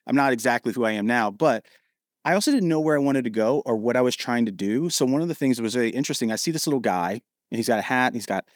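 A man from Ohio, a podcast guest, telling lively stories and acting out the dialogue. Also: mid-range voice, quick pace, no room sound, studio quality. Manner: animated, acts out quoted dialogue. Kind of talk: storytelling in a podcast interview.

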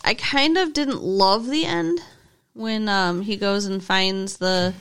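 A woman's voice: medium pitch, takes it slowly, fairly bright tone, clean tone. A woman co-hosting a podcast, giving plain opinions about a movie in casual chat and laughing easily. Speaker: podcast co-host.

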